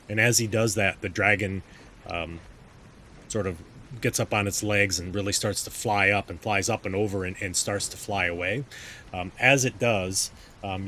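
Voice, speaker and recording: A man's voice: fairly low pitch, bright, forceful tone, slight background noise. A man narrating a tabletop game as game master, hesitant, with frequent ums and restarts.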